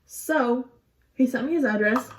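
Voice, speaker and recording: Chatty young woman vlogger, slightly high. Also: unhurried, a little hiss or hum. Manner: chatty and profane, heavy use of "like". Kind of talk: casual storytime vlog.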